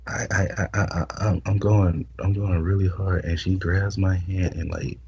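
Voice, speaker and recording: A man's voice: deep voice, flat delivery, normal speed, gravelly, a little mellow, breathy edge, dull audio. A man hosting a podcast, telling a blunt, explicit story in casual talk and stammering over repeated words. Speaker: podcast host.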